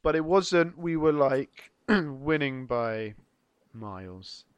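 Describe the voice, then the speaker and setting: A man's voice: medium pitch, animated, takes it slowly, clean tone. A man co-hosting a casual podcast, chatty and self-deprecating, laughing easily. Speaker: podcast co-host. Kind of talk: casual banter.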